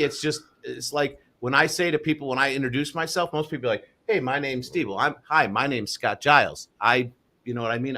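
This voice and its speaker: A man's voice: medium pitch, sharp tone. A man co-hosting a casual talk show, talking passionately and with animation. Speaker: co-host. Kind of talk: casual chat.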